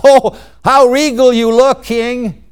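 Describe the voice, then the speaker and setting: A man voicing a fawning male courtier who gushes flattery at a king. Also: very high-pitched, drawn-out words, clean tone, heavily acted.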